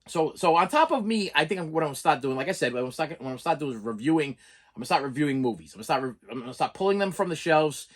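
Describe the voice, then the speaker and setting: Man, middle-aged, casual rambling vlog storytelling, stammers and repeats himself, fairly high voice. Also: animated, fast. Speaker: movie collector vlogger.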